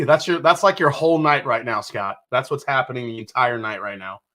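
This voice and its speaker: A man's voice: medium pitch, fairly quick, hardly any pauses, sharp tone. A man from New York hosting a casual live stream, reading out viewer comments, joking, swearing casually and laughing often. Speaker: livestream host.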